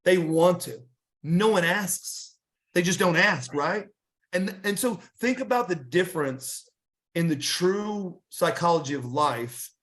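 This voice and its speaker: A man's voice: high-pitched, lively intonation, a little slow, fairly bright tone. A middle-aged man telling rambling wrestling stories in a casual interview, with many restarts and fillers. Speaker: guest wrestler.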